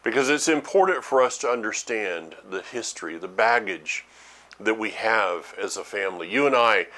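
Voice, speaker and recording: A middle-aged man teaching a sermon to his ministry's followers, often halting and repeating words as he thinks aloud. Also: on the low side, animated, bright, forceful tone.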